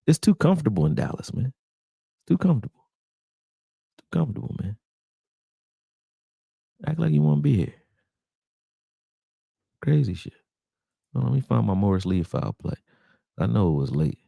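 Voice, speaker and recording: This young man hosts a casual, profane breakdown of football game film, speaking straight to his viewers, whom he calls y'all, in an animated, exasperated way. His mid-range voice moves at normal speed, creaky and slightly rough, with long pauses. It's studio-quality audio with no room sound, captured on a close desktop mic while he screen shares.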